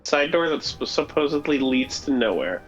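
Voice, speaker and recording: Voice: mid-range voice, expressive, normal speed, dull audio, soft background music. A game master narrating a tabletop game in a chatty way, with fillers.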